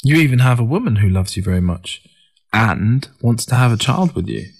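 A man reading the part of a gentle, comforting young woman in a story, speaking softly. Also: mid-range voice, lively intonation, normal speed, creaky, slightly rough. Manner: soft-spoken.

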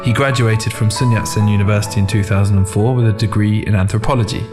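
A man narrating a first-person short story in a calm, measured, reflective reading. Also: on the low side, loud music behind the voice. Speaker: audiobook narrator. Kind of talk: scripted narration.

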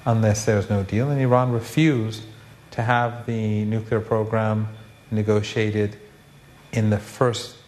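Flat low-voiced male correspondent. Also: slow pace. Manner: flat, steady delivery. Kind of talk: news report.

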